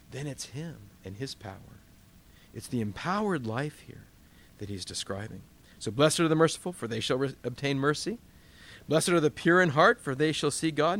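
A man preaching a sermon as a pastor at a church service, animated and emphatic, with frequent rhetorical questions. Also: medium pitch, a little hiss or hum.

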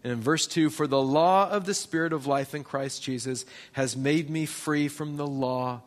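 A man's voice: on the high side, moderate pace. A man preaching a sermon as a pastor, telling personal stories and asking the congregation questions.

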